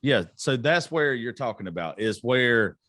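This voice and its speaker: A man's voice: mid-range voice, animated, moderate pace, sharp tone, no echo. Hesitant man with a Southern twang, dry sound. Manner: hesitant, self-conscious, apologetic. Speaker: podcast host. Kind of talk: casual podcast interview.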